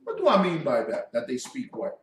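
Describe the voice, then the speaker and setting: A man's voice: medium pitch, huge pitch swings, brisk, a little hiss or hum. A man giving a classroom sermon as a religious teacher, preaching with lots of rhetorical questions. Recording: echoey room, distant mic.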